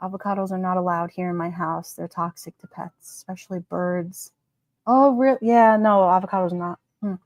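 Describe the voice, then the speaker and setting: A woman hosting a casual livestream, reading viewer comments aloud and chatting about them in an animated way, laughing often. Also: on the low side, moderate pace, no room sound. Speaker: livestream host.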